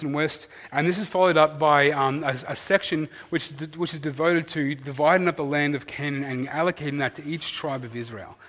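A male pastor delivers a sermon, his voice a little higher than most men's. He preaches earnestly and with animation, swinging between loud emphasis and quieter asides. Long reverb fills the church hall around him.

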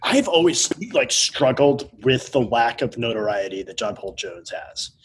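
A man hosting a casual podcast chat about music, enthusiastic and quick to agree. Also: mid-range voice, expressive, slight background noise.

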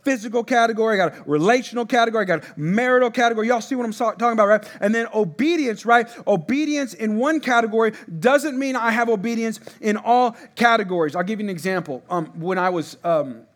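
A man's voice: high voice, fast, hardly any pauses. A middle-aged man preaching a sermon as a pastor, in a conversational way, repeating himself and asking the congregation to respond.

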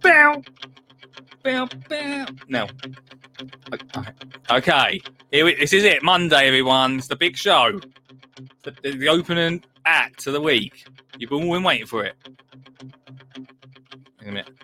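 A man's voice: fairly high pitch, moderate pace, pauses often, bright, forceful tone, soft background music. A British man hosting a live gardening show from his home studio, chatting casually and poking fun at himself. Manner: chatty, self-mocking, restarts a lot. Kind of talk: casual live-stream chat.

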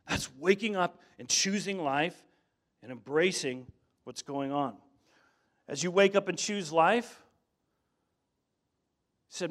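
A man's voice: on the high side, a little slow, pauses often. A man preaching a sermon in a conversational way, telling stories and often saying "man". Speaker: pastor.

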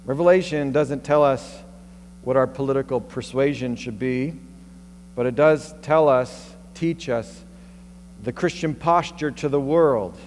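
A male pastor preaches a sermon conversationally, thinking aloud and posing rhetorical questions. His voice is medium-pitched and a little mellow, at a measured pace. The recording has long reverb and a faint mains hum.

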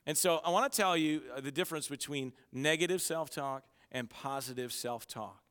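A man preaching a sermon to his church, with energetic storytelling and self-mocking humor. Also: a little high, normal speed, clear, resonant tone, big-room sound. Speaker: pastor. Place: church auditorium.

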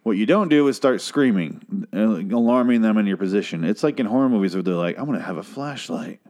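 A man recapping a TV episode in a casual, rambling way, swearing freely, and jumping into high-pitched impressions of the characters. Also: lively intonation, brisk, darkish tone. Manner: rambling, profane, restarts a lot; mimics characters in a raised voice.

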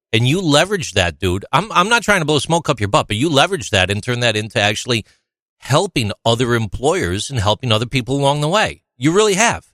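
Lively, rambling male podcast host. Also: mid-range voice, dry recording, studio quality. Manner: enthusiastic, rambling, teasing praise. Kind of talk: casual podcast chat.

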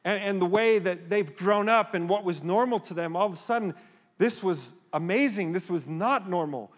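Male pastor, higher voice, fervent sermon delivery, long reverb of a church hall. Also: moderate pace. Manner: impassioned, rising to emphatic calls. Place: church sanctuary.

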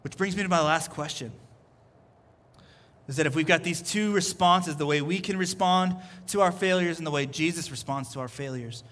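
A man's voice: on the high side, moderate pace, fairly bright tone. A man preaching a sermon as pastor, earnest and repeating his phrases as he builds each point. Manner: earnest, repeats phrases, voices Jesus in quotes. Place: church service.

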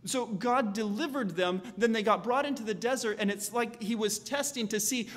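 A man preaching a sermon as a pastor, animated and acting out the voices of the people in his story. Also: high voice, normal speed. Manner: animated, acts out voices of the Israelites and God. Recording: long hall reverb.

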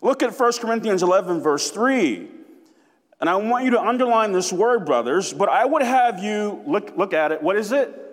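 Male pastor preaching, emphatic, high and lively voice, long hall reverb. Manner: emphatic, deliberate, repeats key phrases. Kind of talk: sermon.

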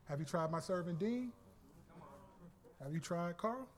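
A man voicing God as a calm, casual, unbothered deity in an offhand everyday manner. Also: high-pitched, a little slow. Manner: casual, breezy, colloquial.

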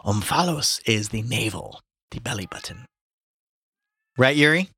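A man's voice: mid-range voice, expressive, a little slow, bright, forceful tone, husky, no echo. A man hosting a read-aloud podcast, reading a novel and breaking off for jokey asides. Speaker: host and reader.

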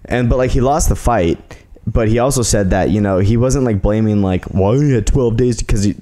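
A man's voice: fairly low pitch, fairly quick, dark tone. A young man hosting a casual podcast chat, loose and rambling with lots of fillers. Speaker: podcast host.

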